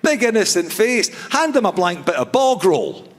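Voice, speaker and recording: Guy doing stand-up, slow and stumbly, bit high voice, big hall echo. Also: very animated, slight background noise. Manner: halting, self-mocking delivery with repeated restarts. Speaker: stand-up comedian. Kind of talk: stand-up comedy set. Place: large theatre stage before a live audience. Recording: long theatre reverb.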